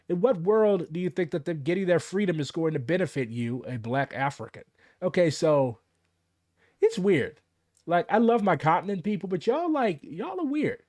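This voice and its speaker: A man's voice: no echo, clean studio sound. Exasperated profane American man ranting. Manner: profane, exasperated, voice jumping high when worked up. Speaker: political commentator. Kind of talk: casual rant to camera.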